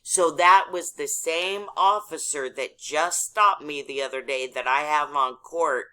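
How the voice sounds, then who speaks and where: A woman's voice: low-pitched, unhurried, pushed and bright, clean tone, poor audio. A woman from Texas, a caller telling her story in casual chat, blunt and indignant, with a bit of cursing. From Texas, USA.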